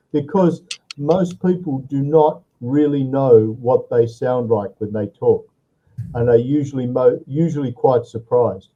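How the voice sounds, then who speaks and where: A man's voice: a little high, warm tone, highs cut off. A man tutoring a student over a video call, giving step-by-step advice and checking in with "all right" often. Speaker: online English tutor.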